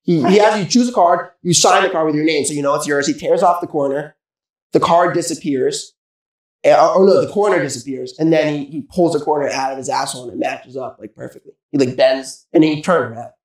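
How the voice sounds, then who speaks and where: A man's voice: a little high, a little fast, echoey room. A man telling rambling, joking stories in casual podcast banter as a comedian guest.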